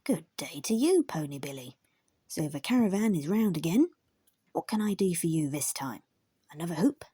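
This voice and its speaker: Lady doing a chatty storybook terrier blacksmith, dark husky voice, dry sound. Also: low-pitched, very animated, no room sound, full character voice. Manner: brisk, chatty and merry.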